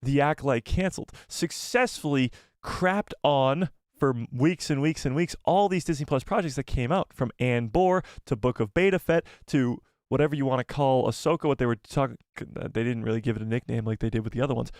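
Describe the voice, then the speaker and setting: A man hosting a live fan show, chatting casually, reading donation messages and reacting with animated repeats. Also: mid-range voice, a little fast, hardly any pauses, no room sound, studio quality. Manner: animated, exclaiming, repeats himself.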